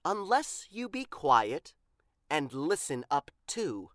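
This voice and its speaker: A woman's voice: low-pitched, very animated, takes it slowly, dry recording, studio quality, heavily acted. A woman voicing a prim, cheerful librarian who speaks in a firm, precise way.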